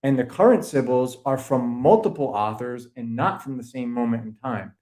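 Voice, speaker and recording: A man with a Boston accent holds forth in a mid-pitched voice, rambling and swearing as he lectures. He talks over a video call in loose podcast chat, piling on asides. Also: moderate pace, a little mellow. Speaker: podcast guest. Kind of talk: casual conspiracy-history chat.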